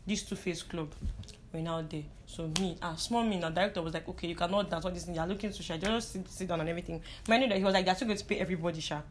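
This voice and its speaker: A woman's voice: fairly low pitch, background noise. A young Nigerian woman telling stories in a casual chat. She mixes in pidgin and laughs often. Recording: crowd chatter in the background.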